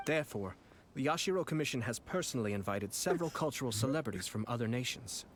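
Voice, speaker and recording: An actor playing a courteous young nobleman commissioner in a game, speaking in a formal, measured way. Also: medium pitch, animated, a little hiss or hum, natural voice. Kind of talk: video game voice acting.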